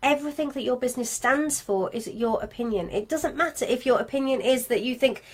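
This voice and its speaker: A woman's voice: a little high, brisk, slightly rough. A woman coaching craft sellers in a live stream from home, chatty and encouraging, with frequent asides. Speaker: craft business marketing coach. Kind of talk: live-streamed class to viewers.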